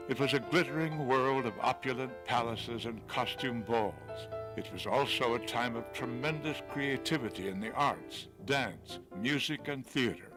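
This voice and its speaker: A man narrates a documentary in a measured, formal read. His voice sits at a middle pitch. Music plays clearly under him. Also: low-quality recording. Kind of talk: scripted narration.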